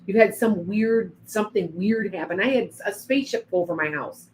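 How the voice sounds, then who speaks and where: A woman's voice: mid-range voice, brisk, a little hiss or hum, low-quality recording. A woman doing psychic readings on a livestream, chatting to viewers by name with frequent restarts. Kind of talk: live-stream reading and chat.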